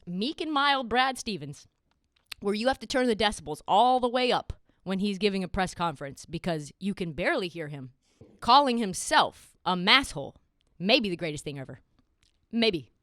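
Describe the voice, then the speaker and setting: A young woman hosting a sports podcast, talking in a casual, sarcastic and animated way. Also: medium pitch, dry recording, clean studio sound. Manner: animated, sarcastic, quick asides. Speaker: podcast host.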